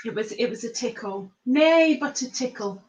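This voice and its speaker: A woman's voice: fairly high pitch, animated, moderate pace. A woman hosting a casual live chat, quizzing her viewers in a chatty, giggly way. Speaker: host. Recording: echoey room.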